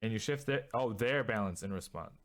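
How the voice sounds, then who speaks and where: Man, game master, low voice, halting delivery, lots of fillers. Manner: hesitant, many fillers and restarts. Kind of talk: narrating a tabletop game.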